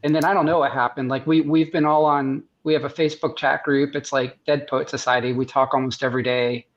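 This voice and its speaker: An American man from the United States, a surgeon and guest artist, rambles through stories on a video-call podcast, often restarting and laughing at his own tales. His mid-range voice stays fairly flat in pitch and moves briskly. The audio sounds muffled and lo-fi.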